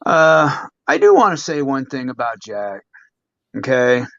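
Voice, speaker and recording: A man's voice: medium pitch, very animated, measured pace, a bit bright, dry recording, highs cut off. A man, a former wrestler, telling stories in a casual interview with a rambling manner and lots of "you know.". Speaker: guest, former pro wrestler. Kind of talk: casual storytelling in a podcast interview.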